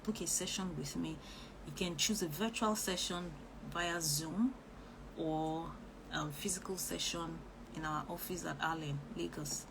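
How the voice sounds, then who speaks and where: A woman's voice: fairly low pitch, measured pace, vocal fry. Earnest woman coach, noisy stream. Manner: earnest, preachy, with animated outbursts. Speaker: relationship coach. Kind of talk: live-stream chat reading comments. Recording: noisy live-stream audio.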